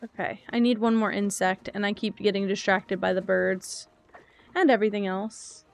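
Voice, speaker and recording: A woman's voice: medium pitch, fairly even intonation, moderate pace, vocal fry. Chatty young woman streaming a game. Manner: chatty, rambling, thinks aloud, reads chat. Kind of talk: casual gaming stream chat.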